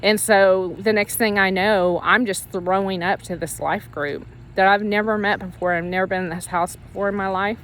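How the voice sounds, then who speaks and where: A woman tells her faith story in an earnest, emotional way. She rambles and restarts her sentences often. Her voice sits at an ordinary middle pitch, with a faint hiss of noise in the background. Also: fairly even intonation, moderate pace, hardly any pauses, fairly bright tone. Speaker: Christian ministry leader sharing her testimony. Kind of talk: personal faith testimony, casual storytelling.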